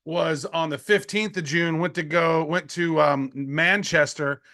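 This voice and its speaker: A middle-aged man co-hosting a podcast, telling stories in an excitable, slangy way and laughing often. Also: fairly high pitch, measured pace. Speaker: podcast co-host. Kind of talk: casual podcast chat.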